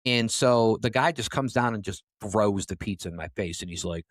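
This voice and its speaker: A man's voice: fairly low pitch, normal speed, few pauses, no echo, clean studio sound. A young adult man co-hosting a podcast, casually telling a rambling story with lots of fillers and the odd swear word. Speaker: podcast co-host.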